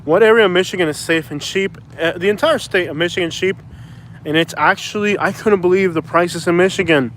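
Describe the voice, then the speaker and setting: A man's voice: high voice, a little fast, fairly bright tone, slight background noise. A man in his thirties chatting casually on a live stream outdoors by a bridge, rambling and arguing back at viewers. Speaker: vlogger doing a live stream.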